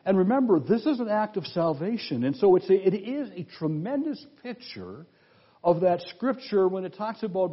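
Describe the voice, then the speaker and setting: A man's voice: high voice, big pitch swings, normal speed. A man preaching an expository sermon, reading scripture aloud with comments and asking his listeners questions as he teaches. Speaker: pastor. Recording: dull lo-fi sound.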